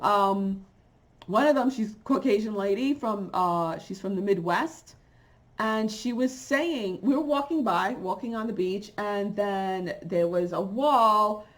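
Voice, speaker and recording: A middle-aged woman, a holistic coach, talking to camera in a blunt, rambling, conversational way. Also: mid-range voice. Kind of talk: casual monologue to camera.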